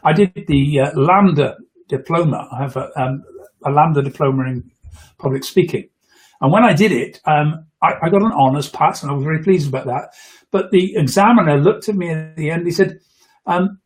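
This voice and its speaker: A man's voice: on the high side, moderate pace, darkish tone. A man coaching public speaking in a live video, talking earnestly into a close microphone and often restarting his words. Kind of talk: live-streamed speaking tips. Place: indoors, in front of a camera for a live video. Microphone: close microphone at a computer.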